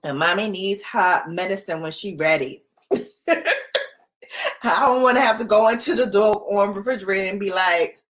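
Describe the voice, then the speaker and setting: A woman in her forties chatting casually with live viewers from home, playful and quick to laugh. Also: mid-range voice, a bit bright. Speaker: livestream host.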